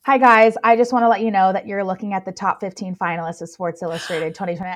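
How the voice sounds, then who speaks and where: A woman's voice: mid-range voice, quick pace, few pauses. A young woman, a plus-size model, telling her story in a casual interview, gushing and full of filler words. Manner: gushing, filler-heavy, excitable.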